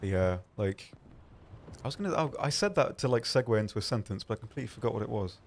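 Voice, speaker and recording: A man's voice: medium pitch, lively intonation, fast talker, gravelly, slight background noise. A man co-hosting a game stream in casual chat, rambling and laid-back with lots of fillers. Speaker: stream co-host.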